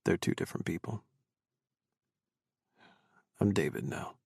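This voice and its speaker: A man voicing a gentle, soft-spoken young soldier in an audiobook, talking low and quietly. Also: a little slow, creaky, breathy edge, no room sound, studio quality, exaggerated voice. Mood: tender. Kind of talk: audiobook character voice.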